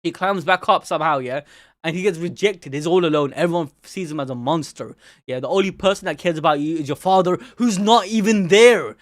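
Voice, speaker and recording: A young man hosting an anime channel, reacting live to a manga chapter in an excitable, slangy, exclamatory way. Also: high voice, no room sound, clean studio sound.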